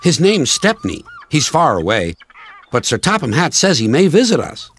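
A man voicing a small, timid young male engine who hesitates and squeaks. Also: sing-song, normal speed, husky. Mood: hesitant.

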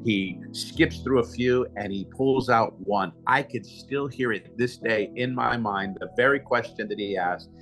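Animated male storyteller, faint music behind. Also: medium pitch, measured pace, few pauses. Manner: animated storyteller, repeats "he said" while acting out quotes. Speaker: prophet and guest speaker. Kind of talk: personal storytelling in an interview.

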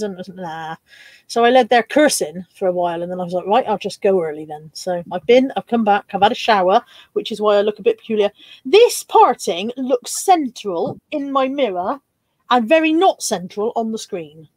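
A woman's voice: mid-range voice, lively intonation, fairly quick, a little mellow, no room sound. A woman hosting a casual live stream from home, chatting and reading out viewer comments. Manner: chatty, reads out viewer comments with bursts of laughter.

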